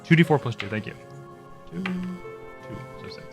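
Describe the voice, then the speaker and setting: Animated joking man at a game table. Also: a little high, moderate pace, creaky, soft background music. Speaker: player. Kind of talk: casual tabletop play.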